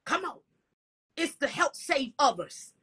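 Woman preacher, high bright voice, fervent sermon delivery with whispered asides. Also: very animated, unhurried. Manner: breathy whispered asides, repeated "come on" and "hallelujah".

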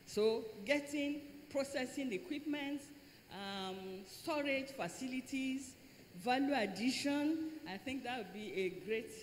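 A woman's voice: high voice, a little slow. An older woman, a professor, making an earnest comment from the audience with some fillers. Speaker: professor asking a question. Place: large lecture hall. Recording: echoey hall, faint noise.

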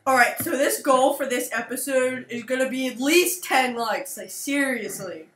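Giggly Maryland woman playing games with a friend; bright voice, roomy recording. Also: high-pitched, moderate pace, a little hiss or hum. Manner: giggly, curses casually. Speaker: gamer. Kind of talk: casual gaming chat.

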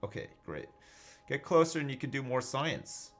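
A man's voice: mid-range voice, very animated, normal speed, a bit bright, soft background music. A man casually commenting on his own space game live, joking, swearing and thinking aloud as he reads chat. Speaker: gaming livestreamer.

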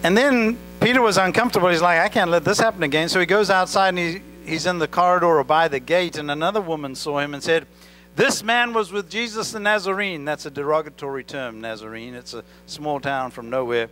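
A man's voice: fairly high pitch, brisk, bright, forceful tone, rough recording. Man preaching a conversational sermon, accented. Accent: non-native English accent. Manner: conversational preaching with questions to the congregation. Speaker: pastor. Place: church. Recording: faint mains hum. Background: mains hum.

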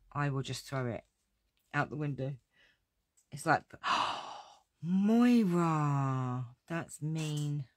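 A woman's voice: very deep voice, creaky. A woman hosting a casual crafting video, chatting to her viewers in a self-deprecating way and laughing often.

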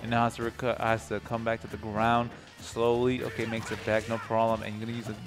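A young man calls a live video game tournament in his ordinary middle register, getting excited, laughing and repeating himself. His voice has gone tired and low by this point. Music plays clearly behind him. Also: quick pace. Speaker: esports commentator. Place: gaming tournament at a sports center.

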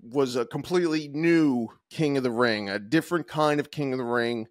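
A man co-hosting a talk podcast, rambling through his points with lots of "um" and "uh" and restarted sentences. His voice sits at an ordinary middle pitch, recorded close and dry with no room sound. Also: moderate pace, no echo. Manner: rambling, many fillers and restarts. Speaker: podcast co-host. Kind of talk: casual chat.

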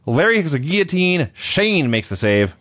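A male co-host in casual chat, recapping with dry sarcasm. His voice is somewhat high and moves up and down a lot. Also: big pitch swings, moderate pace, fairly bright tone, dry recording. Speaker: podcast co-host.

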